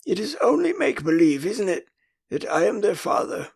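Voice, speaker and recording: A man's voice: high-pitched, big pitch swings, normal speed, gravelly, breathy edge, no echo, voice pushed up, full character voice. An older man with an English accent voicing a boyish, puzzled boy who won't grow up in a storybook audiobook.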